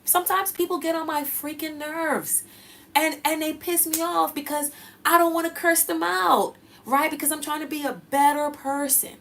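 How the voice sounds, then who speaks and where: A woman's voice: on the high side, a bit bright, slight background noise. A young woman talking casually and slangily to her followers, giving motivational self-help advice. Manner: casual, slangy, addresses viewers as y'all.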